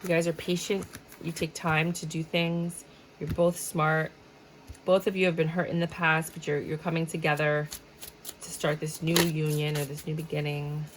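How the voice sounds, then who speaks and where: A woman with a lower voice gives a casual tarot reading in a blunt, chatty way, swearing freely as she goes. A faint hiss of noise sits under the recording. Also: flat delivery, normal speed, low-quality recording. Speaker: tarot reader.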